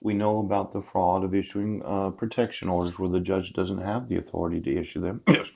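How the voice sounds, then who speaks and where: A man's voice: low voice, steady tone, a little fast, vocal fry, background noise. Man laughing between lines, saying yes. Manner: punctuates phrases with laughs and repeated "yes". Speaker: self-recorded speaker addressing officials. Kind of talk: rambling monologue. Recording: dull lo-fi sound.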